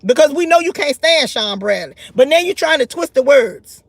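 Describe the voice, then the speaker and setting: A woman's voice: sits high, lively intonation, normal speed, no echo. A woman delivering a heated, scolding commentary rant, often repeating and restarting her words. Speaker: YouTube commentary host.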